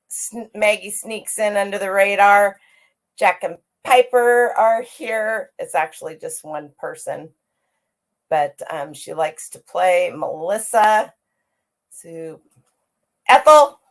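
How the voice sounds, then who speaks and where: A middle-aged woman hosting a casual livestream, chatty and upbeat as she greets viewers by name. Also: mid-range voice. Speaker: livestream host greeting chat.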